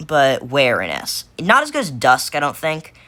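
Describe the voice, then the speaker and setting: A woman's voice: a bass voice, huge pitch swings, moderate pace, a bit bright. A woman giving casual unscripted commentary while ranking game cards, rambling and correcting herself with lots of fillers.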